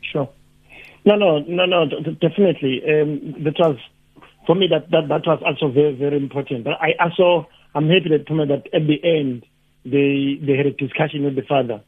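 A South African man, a lecturer and activist, talking haltingly with many restarts as a radio guest. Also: fairly high pitch, fairly even intonation. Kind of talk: radio phone-in discussion. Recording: tinny phone line.

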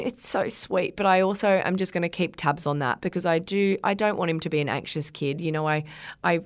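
A woman's voice: fairly low pitch, smooth. A woman in her thirties hosting a podcast in a studio, chatting casually and rambling with filler words. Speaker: podcast host.

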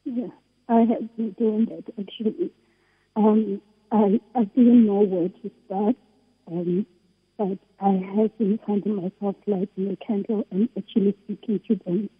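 A woman calling in to a radio reading, answering softly and hesitantly. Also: mid-range voice, fairly even intonation, measured pace, husky. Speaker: caller. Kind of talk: radio call-in conversation. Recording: phone-like sound with long reverb.

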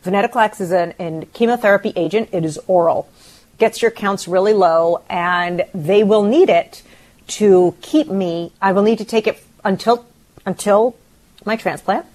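A middle-aged woman on a radio show sounds rattled and emotional. She stumbles and restarts often as she talks. Her pitch sits in an ordinary middle range for a woman. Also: a little mellow. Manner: shaken and emotional, halting restarts. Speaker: radio co-host. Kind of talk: casual radio talk.

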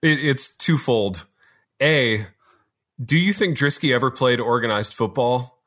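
Deadpan podcast man. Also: mid-range voice, measured pace. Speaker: podcast co-host. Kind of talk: casual chat.

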